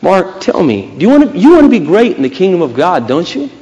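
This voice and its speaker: A man voicing God as a calm inner voice that questions and prods him. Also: high voice, brisk, big-room sound, dull audio, voice pushed up, full character voice. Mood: questioning. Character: God as a gentle inner voice, male.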